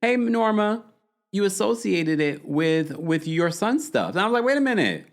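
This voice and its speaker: Male podcast host, casual gossip recap, very lively pitch, playful and chatty. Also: unhurried, gravelly. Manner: animated, quotes people in shifting voices, chatty slang.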